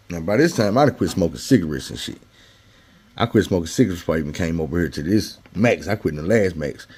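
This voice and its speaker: Dude with a lowish voice telling a story, super casual and slangy, does the voices of folks he quotes. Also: a little mellow. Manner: slangy, conversational, acts out quotes.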